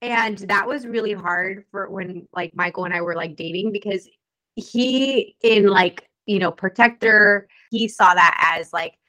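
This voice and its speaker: A young adult woman co-hosting a casual podcast chat, lively, laughing often and talking with many fillers. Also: mid-range voice, unhurried, low-quality recording. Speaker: podcast co-host.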